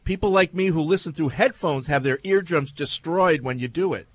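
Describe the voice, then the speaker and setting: A man's voice: on the high side, normal speed, a little hiss or hum. A man hosting a sports radio show, reading listener emails and teasing his co-hosts in casual banter.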